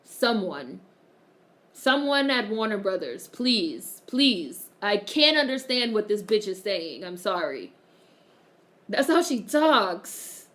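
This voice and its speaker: A woman's voice: mid-range voice, big pitch swings, slow, a bit bright. A woman hosting a casual live stream, chatting and reading viewer comments aloud, swearing freely and laughing often.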